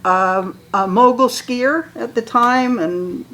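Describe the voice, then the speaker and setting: An older woman telling a story to an audience in a casual, animated way, laughing and acting out both sides of old conversations. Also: fairly high pitch, slow pace, over a noisy crowd, rough recording. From Utah.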